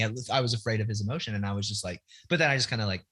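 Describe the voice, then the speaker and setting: A middle-aged man speaks as a podcast guest, candid and searching, often starting a sentence over before finding his words. His voice is husky and bright, sitting a little low for a man. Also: quick pace, hardly any pauses. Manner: candid, searching, frequent restarts. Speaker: guest author. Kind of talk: reflective podcast conversation.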